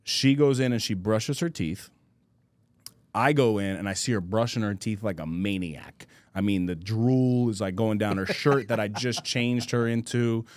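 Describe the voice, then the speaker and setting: A man's voice: fairly low pitch, normal speed, no echo. Chill podcast dude in his 30s, slangy, says bro a lot, dry close mic. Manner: loose slangy talk, says bro a lot, laughs easily. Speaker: podcast host. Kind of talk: casual storytelling chat.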